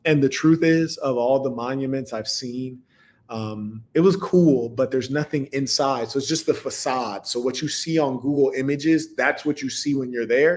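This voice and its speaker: A man talks to his live audience in a loose, casual monologue as a podcast host. He speaks at a middle pitch and tells stories in an animated way, breaking into laughing asides. His delivery keeps shifting between hushed, slow stretches and loud, quick bursts.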